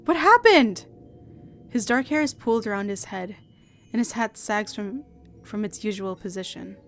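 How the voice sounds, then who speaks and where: A young woman streamer reading a visual novel aloud, with dramatic, shouting outbursts and laughing reactions. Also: mid-range voice, lively intonation, moderate pace, soft background music. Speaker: virtual streamer.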